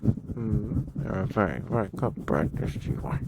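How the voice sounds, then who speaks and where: A man's voice: lowish voice, lively intonation, a little slow, very noisy. A man cooing in a singsong, baby-talk way during an ASMR stream, repeating the same praise.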